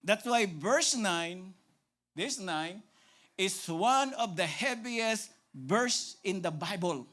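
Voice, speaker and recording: Filipino guy preaching, kinda high voice, keeps saying right? and repeating himself. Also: animated, slow. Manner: emphatic, repeats phrases, asks "right?" often; shifts between loud preaching and hushed pleading. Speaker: pastor. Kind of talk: sermon.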